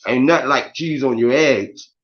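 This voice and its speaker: A man chatting loosely on a morning live stream, full of slang and cussing as he calls out viewers by name. His voice sits at an ordinary middle pitch. The audio is dull and lo-fi. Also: moderate pace. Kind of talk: casual morning live chat.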